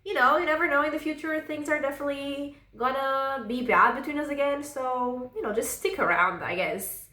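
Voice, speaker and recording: A woman's voice: high voice, normal speed, few pauses, bright, forceful tone, voice pushed up. A woman voicing a sly, wary seer woman in an offhand, shrugging way, in an echoey room.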